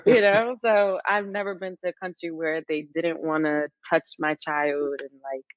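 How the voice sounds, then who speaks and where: Casual New York woman guest, lowish voice, dry muffled recording. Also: measured pace, dry recording. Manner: relaxed, peppers speech with "like". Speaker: podcast guest. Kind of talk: casual podcast chat. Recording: dull, dry, muffled sound.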